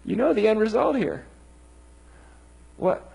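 A man's voice: high voice, expressive, takes it slowly, creaky, mellow, husky, muffled recording, pitched above the performer's own voice, full character voice. A man voicing Jesus as a patient but frustrated teacher, pleading with his disciples through rhetorical questions.

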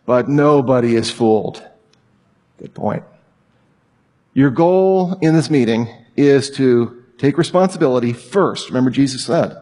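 A man teaching a weekly Bible class in a lively, animated way, acting out example lines. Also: mid-range voice, husky, long reverb tail. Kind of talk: sermon-style teaching talk.

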